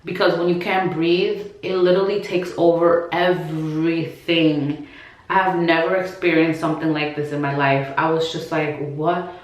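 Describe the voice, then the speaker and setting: A woman vlogger with a deep voice and level tone, at normal speed, tells her followers a personal story. She's casual and chatty, loaded with "like," fillers, restarts and acted-out quotes, in a very echoey room.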